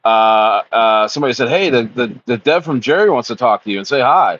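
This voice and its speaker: A young man chatting casually on a livestream, excitable and rambling, calling his viewers bro and dude. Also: mid-range voice, brisk, muffled recording. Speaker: crypto livestreamer.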